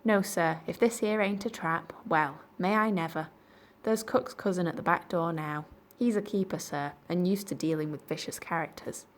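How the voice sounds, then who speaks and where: A woman's voice: moderate pace, lightly acted. A woman voicing a wary male servant with blunt country speech in a storybook reading. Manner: blunt country speech, low firm tones.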